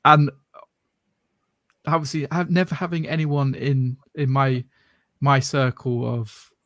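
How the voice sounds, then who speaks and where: A man's voice: medium pitch, flat delivery, takes it slowly, a bit bright, dry recording, studio quality. A man from southern England with a mixed English regional accent, talking in a rambling, self-correcting way as a podcast co-host. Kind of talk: casual chat.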